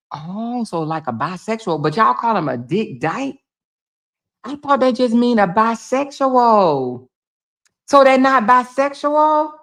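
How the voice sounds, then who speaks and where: A woman with laryngitis hosting a casual livestream, talking loudly to her viewers, full of laughs and exclamations. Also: on the high side, slow. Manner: loud, laughing, animated, talking to chat as "y'all". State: hoarse with laryngitis. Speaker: livestream host.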